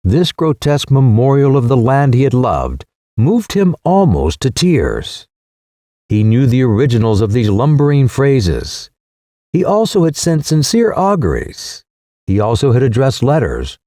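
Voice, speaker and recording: A male audiobook narrator reading a classic novel in a measured, expressive manner. His pitch ranges widely and his tone is mellow and warm. The recording is dry and close. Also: no room sound. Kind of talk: scripted narration.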